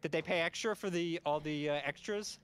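Male co-host, slightly high, teasing banter, dry close mic. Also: fairly quick, a bit bright, clear, resonant tone, no echo. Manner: teasing, gives joking advice. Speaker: game show co-host. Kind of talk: casual gameplay chat.

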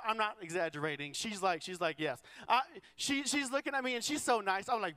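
A man's voice: extremely high pitch, lively intonation, moderate pace, bright, forceful tone, no room sound. A man preaching a sermon, a joking, self-deprecating pastor who acts out the voices in his stories. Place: church auditorium.

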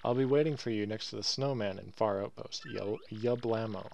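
A man voicing a male bomb creature with a cold, hoarse, tossing in popping exclamations between sentences. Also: lowish voice, moderate pace, a little mellow, slight background noise. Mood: whiny. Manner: punctuates talk with popping exclamations.

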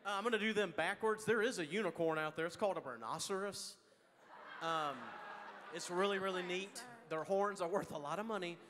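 A man's voice: high voice, fairly quick, a bit bright. A man with a Texan accent answers student questions in a casual, joking, folksy way during a school chapel. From Texas. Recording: reverberant chapel hall.

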